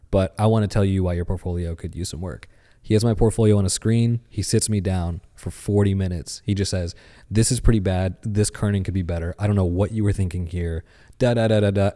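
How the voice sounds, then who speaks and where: A man in his thirties, a podcast guest, telling a story in casual chat with lively animation. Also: low-pitched, long reverb tail.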